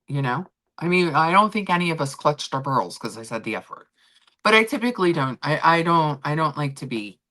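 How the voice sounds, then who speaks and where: A middle-aged woman hosting a casual livestream chat with viewers, rambling and talking freely. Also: sits low. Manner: chatty, animated, rambling with restarts. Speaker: livestream host.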